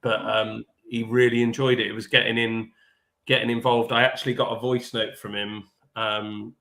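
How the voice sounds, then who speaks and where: A man telling a football-trip story in casual podcast chat over a remote call, animated and quick to laugh. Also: mid-range voice, vocal fry, low-quality recording. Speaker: podcast co-host. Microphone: remote livestream call.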